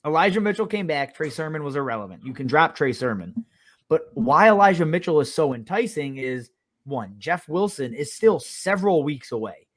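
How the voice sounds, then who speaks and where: An upbeat man hosts a casual fantasy football chat with a quick, joking manner. His voice sits a little high for a man. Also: very animated. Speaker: podcast host.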